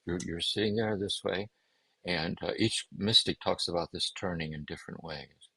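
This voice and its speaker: A man speaking as a guest, giving a gentle, meditative talk on contemplative prayer and often circling back to repeat his phrases. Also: low-pitched, normal speed, gravelly, slightly rough, no room sound, low-quality recording. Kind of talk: reflective spiritual teaching.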